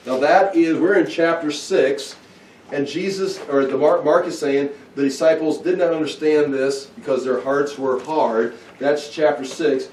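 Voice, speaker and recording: A man's voice: on the high side, fairly even intonation, measured pace, darkish tone, slight background noise. A man giving an informal, conversational Bible teaching, walking listeners through the verses. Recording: roomy echo, mic at a distance.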